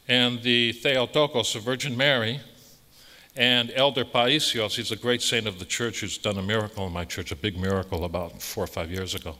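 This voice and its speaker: A man's voice: mid-range voice, moderate pace, sharp tone. Blunt, emphatic preaching man in a hall. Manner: emphatic, blunt, repeats phrases for stress. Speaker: priest. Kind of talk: conversational sermon.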